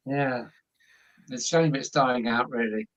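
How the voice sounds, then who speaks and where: A man's voice: medium pitch, muffled recording. Rambling Kent man chatting on stream. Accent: Kent English. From Dover, Kent, England. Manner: rambling, chuckling, lots of fillers. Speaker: live-stream host. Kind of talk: casual chat while painting.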